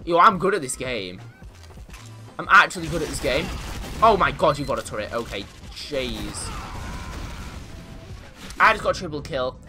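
Bright, excitable gamer guy. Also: fairly high pitch, normal speed, long pauses, soft background music. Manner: excitable, mock-boastful, yelps and laughs in panic. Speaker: gamer commentating his own play. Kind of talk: casual gameplay commentary.

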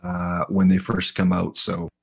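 A man hosting a casual stream chat, asking questions in an easygoing, halting way. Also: sits low, monotone, gravelly, breathy edge. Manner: easygoing, hesitant interviewer. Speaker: host.

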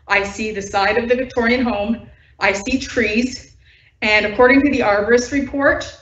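A woman resident giving nervous, earnest public comment from home, her voice shaking with upset. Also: on the high side. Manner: earnest, nervous, pressing objections. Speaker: resident speaking at a council meeting. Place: indoors at home. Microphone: video call. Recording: distant, echoey, dull video call audio.

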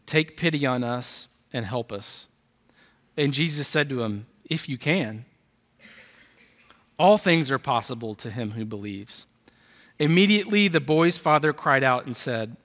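A man's voice: fairly high pitch, fairly bright tone. A man preaching a sermon as pastor, reading scripture aloud and building emphasis on key lines. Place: church auditorium. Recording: church hall reverb.

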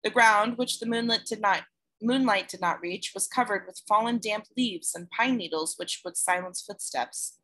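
A woman reading a novel aloud in a measured, clear storytelling manner. Her voice sits at a middle pitch and sounds bright. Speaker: audiobook reader. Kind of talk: scripted narration.

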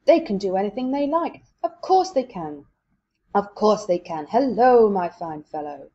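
An excitable old man, overjoyed and newly generous, exclaims his words loudly, as a woman puts him on. The voice is husky and mellow. It is a dull, lo-fi recording of a storybook reading. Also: mid-range voice, fairly quick, close to an everyday voice. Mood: elated. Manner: loud, exclaiming, breathless joy.

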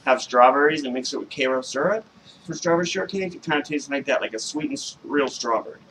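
An American man co-hosting a casual review show, easygoing, chiming in with quick asides. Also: medium pitch. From United States. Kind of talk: casual chat. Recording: faint background noise.

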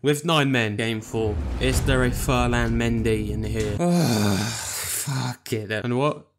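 A young man commentating his own football video game matches, swearing often and swinging from flat mutters to excited yelps and pleading. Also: medium pitch, slow pace, background noise. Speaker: gaming YouTuber. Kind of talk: reactive gameplay commentary. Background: music.

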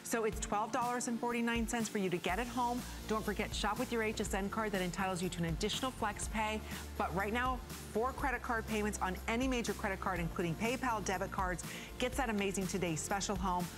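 A woman hosting a live shopping channel, pitching products in an upbeat, salesy way. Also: brisk, over music. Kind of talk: live TV selling.

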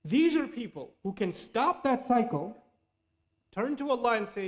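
A man delivers an earnest sermon in an easy, conversational way. His voice sits high for a man, and he now and then recites Arabic verses. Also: very animated, unhurried. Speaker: Islamic preacher.

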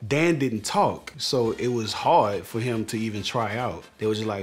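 A young man telling his story in a relaxed, slangy, animated way. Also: mid-range voice, a little slow, few pauses, faint music behind. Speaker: viral comedian. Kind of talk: casual storytelling interview.

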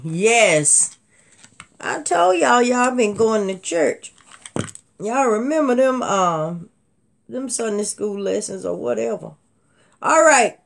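A woman's voice: a little high, unhurried. A woman hosting a live online jewelry sale and Bible quiz, talking in a chatty, folksy way to her viewers. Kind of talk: casual live-stream selling with Bible trivia.

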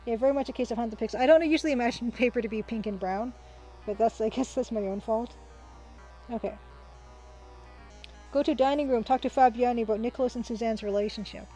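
Mellow-voiced woman chatting through gameplay. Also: on the high side, fast talker, pauses often, soft background music, poor audio. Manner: chatty, reads game text aloud, laughs often. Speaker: let's play host. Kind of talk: casual gameplay commentary.

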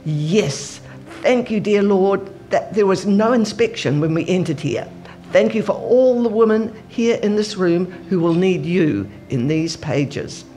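A woman in church voicing a weary, reluctant woman prisoner with a grudging, hushed manner. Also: mid-range voice, lively intonation, a little slow, soft background music, lightly acted.

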